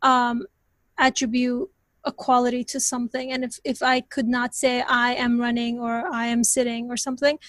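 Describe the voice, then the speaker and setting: A woman's voice: fairly high pitch, level tone, moderate pace, dry recording. A woman in a study group discussion, thinking aloud in a tentative, hedging way. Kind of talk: reflective discussion comment.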